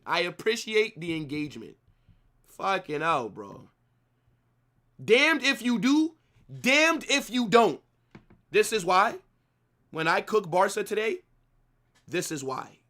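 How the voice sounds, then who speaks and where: A man's voice: fairly high pitch, very animated, moderate pace, sharp tone. A young man hosting a live football watch-along, ranting at his viewers with heavy profanity and lots of repetition. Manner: profane, ranting, repeats himself.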